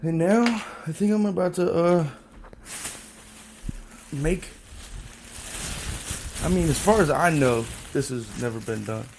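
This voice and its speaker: A young man rambling casually on his own vlog, thinking out loud and swearing freely as he talks outdoors into a phone. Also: a little high, slow, gravelly, long pauses, background noise. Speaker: podcast host, delivery driver. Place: outdoors at home.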